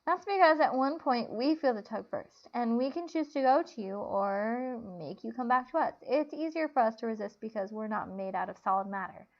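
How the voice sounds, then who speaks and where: A woman's voice: on the high side, lively intonation, normal speed, few pauses. A woman voicing a blunt, bossy floating girl spirit in a story reading, on a dull lo-fi recording. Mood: explaining.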